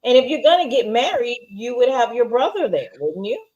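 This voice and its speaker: A woman co-hosts a casual TV episode review in a fairly high voice. She talks firmly, explaining her view and pushing back on her co-host. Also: big pitch swings, a little fast, darkish tone, lo-fi sound. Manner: firm, explains and pushes back. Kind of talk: casual chat.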